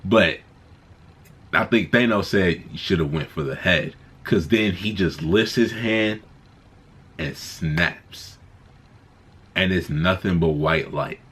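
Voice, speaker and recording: A man giving a casual spoken movie review, excited and rambling, often restarting his sentences. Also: sits low, husky.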